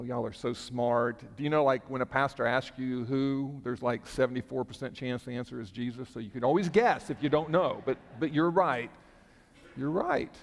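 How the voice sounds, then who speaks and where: A man leading a children's sermon in church, friendly and asking the kids questions. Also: mid-range voice. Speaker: pastor leading a children's message. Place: church sanctuary. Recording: long church reverb.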